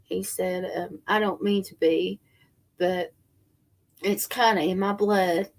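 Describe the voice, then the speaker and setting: A woman's voice: medium pitch, steady tone, slow pace. A middle-aged woman chatting casually to viewers, rambling with many fillers and restarts. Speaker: spiritual livestream host.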